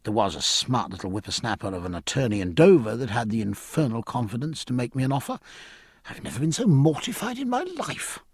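A man's voice: medium pitch, sing-song, a little fast, husky, no echo, studio quality. A man reading an audiobook, voicing a spirited, outspoken young woman who is scornful and impassioned. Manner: scornful, impassioned, sharp-tongued. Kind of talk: audiobook character voice.

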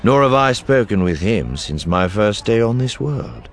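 Man playing a cool, formal alien officer for an audiobook: deep, slow, precise. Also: big pitch swings. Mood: measured. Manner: measured, formal, unhurried. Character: calm formal male alien naval officer. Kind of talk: audiobook character voice.

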